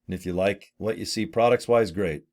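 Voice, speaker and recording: A man in his late fifties, working as a network marketing affiliate, talks up a business opportunity to camera in a casual sales chat. His voice is on the low side and darkish, at a moderate pace, and he's blunt and folksy with mild swearing and rambling asides.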